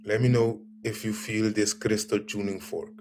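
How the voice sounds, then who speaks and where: A man hosting a live stream, talking calmly and repeating himself as he addresses viewers as family. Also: on the low side, moderate pace, heavy background noise. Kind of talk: casual live stream demonstration.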